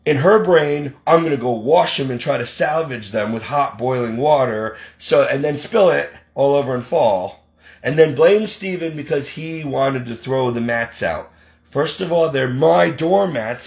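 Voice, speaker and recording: Exasperated man with a gravelly voice. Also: mid-range voice, unhurried, a little mellow. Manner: exasperated, indignant. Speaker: caregiver. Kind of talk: ranting monologue.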